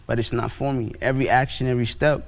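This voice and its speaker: A man, a musician guest on a TV morning show, talking in a relaxed, slangy, plainspoken way. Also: medium pitch, fast. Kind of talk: casual TV interview talk.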